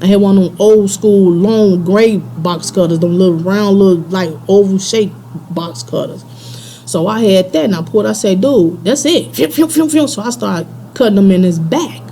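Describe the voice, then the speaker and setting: A woman's voice: medium pitch, moderate pace, mellow, a little hiss or hum. A woman casually telling a personal story in slangy, laid-back talk, chuckling now and then.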